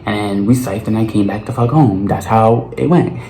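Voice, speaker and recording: Young ny dude doing a storytime vlog, swears a lot, slangy, lowish voice, kinda echoey room. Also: male voice, normal speed. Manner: animated, profane storytelling with lots of slang. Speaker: vlogger. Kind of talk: storytime monologue. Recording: roomy with faint noise.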